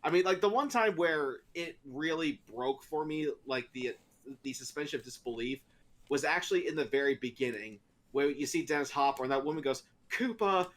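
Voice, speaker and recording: A man co-hosting a casual podcast chats briskly in a medium-pitched, slightly bright voice, rambling with many fillers and false starts.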